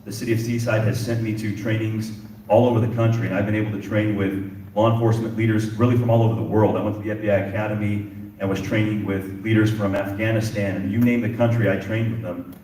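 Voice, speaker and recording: A man's voice: lowish voice, flat delivery, fast talker, dark tone, slight background noise. A middle-aged man, a police chief, giving a passionate speech at a community symposium, repeating phrases for emphasis. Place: event hall indoors. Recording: echoey room with distant mic.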